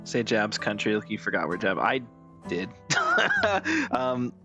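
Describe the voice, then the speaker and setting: A man streaming a game live, chatting casually and excitably with his viewers and swearing freely. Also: fairly low pitch, takes it slowly, faint music behind. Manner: profane, excitable, talks to chat.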